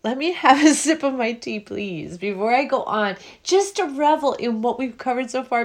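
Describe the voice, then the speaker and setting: A woman giving an effusive spiritual monologue, halting and restarting often as she talks. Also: on the high side, animated. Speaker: spiritual speaker.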